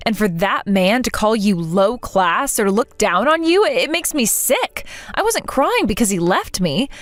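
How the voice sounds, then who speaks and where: A woman's voice: fairly high pitch, no echo. A woman voicing a hurt but determined young bride, speaking earnestly and emotionally, in a dramatized text story.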